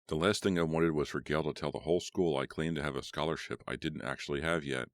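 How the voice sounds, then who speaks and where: A man giving a steady, measured reading as an audiobook narrator. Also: very deep voice, no room sound.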